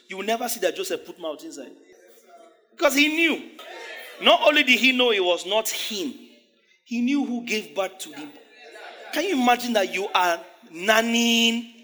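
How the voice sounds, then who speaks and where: A man preaching a sermon, animated, laughing often and acting out the voices of biblical figures. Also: high voice. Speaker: pastor.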